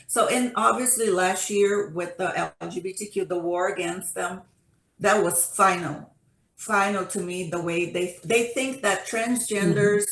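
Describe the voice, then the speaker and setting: A woman's voice: mid-range voice, normal speed. Woman panelist, casual storytelling, restarts often, roomy echo on a call mic. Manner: animated storytelling with many restarts.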